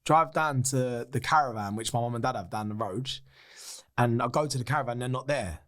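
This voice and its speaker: Man, 30s, podcast guest, animated storyteller, swears, mid-range voice. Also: medium pitch, brisk. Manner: swears freely, acts out other people's lines; animated, excitable retelling. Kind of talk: candid anecdotal storytelling.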